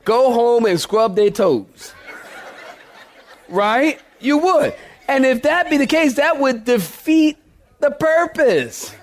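A man's voice: very high-pitched, slow, pauses often. A man pastor, telling funny church stories to his congregation in a sermon. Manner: playful, laughing often, talks to the congregation. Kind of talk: humorous storytelling sermon.

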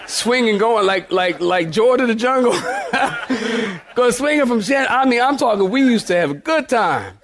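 A man preaching a sermon, telling jokey stories and laughing often as he talks to the congregation. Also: sits high. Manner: joking storyteller, laughs often, addresses congregation as y'all. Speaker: pastor.

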